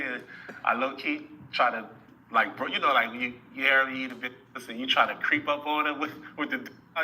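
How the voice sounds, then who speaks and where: A man's voice: medium pitch, bright, forceful tone, poor audio. A man telling a boastful story in casual, slangy talk, often checking in with the listener. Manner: boastful and slangy, with frequent tag questions. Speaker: rapper telling a story in an interview clip.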